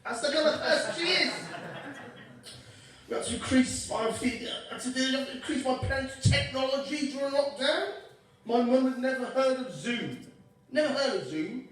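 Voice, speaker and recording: A man's voice: extremely high pitch, animated, moderate pace, a bit bright. A young man doing a stand-up comedy set, cheeky and sweary while he works the crowd. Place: comedy club stage with audience. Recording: echoey club from a distance.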